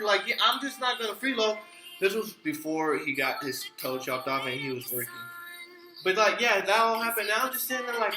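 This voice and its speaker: Young man, high voice, frustrated profane rant, echoey room, music playing behind. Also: a little fast. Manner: frustrated, profane, repeats and restarts a lot. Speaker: vlogger. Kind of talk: casual storytelling rant.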